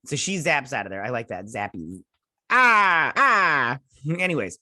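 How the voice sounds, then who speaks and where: A man hosting a casual episode recap, rambling with lots of fillers and quick paraphrased lines from characters, close on a desk mic. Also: medium pitch, very animated, sharp tone, no echo. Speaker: show host.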